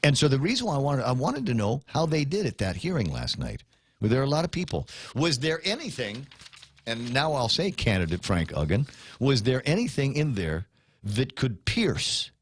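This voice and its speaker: A man hosting a talk radio show, ranting in an animated, conversational way. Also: mid-range voice, normal speed, husky, dry recording, clean studio sound.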